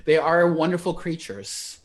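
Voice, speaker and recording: A woman's voice: sits low, animated, unhurried, over a noisy crowd. A woman hosting a casual interview, supportive, with frequent short affirmations. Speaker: podcast host.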